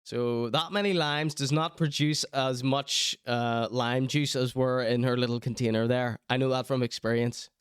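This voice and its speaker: A man's voice: medium pitch, steady tone, moderate pace, few pauses, clear, resonant tone, dry recording. Teasing man streaming commentary. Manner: teasing, chatty, mock-outraged asides. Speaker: streamer reacting to clips. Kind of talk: casual live-stream commentary.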